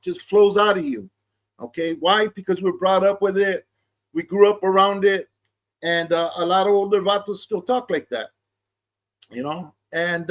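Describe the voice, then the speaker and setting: High-voiced man, casual commentary. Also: a bit bright. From East Los Angeles. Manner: conversational, peppered with "okay?" and Chicano slang. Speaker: channel host.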